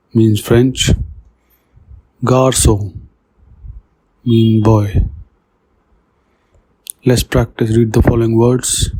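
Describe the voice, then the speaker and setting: Male tutor, monotone lesson narration, mellow husky voice. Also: medium pitch, no echo. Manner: monotone, reads example words then their meanings. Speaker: French teacher. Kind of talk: slow scripted lesson narration.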